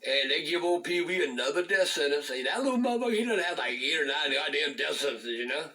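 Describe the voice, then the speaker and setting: An older man with a high, sharp voice, who hosts a channel, spins a rambling, profane story, very animated and fast. He curses in nearly every sentence and keeps repeating and restarting words, all in poor audio.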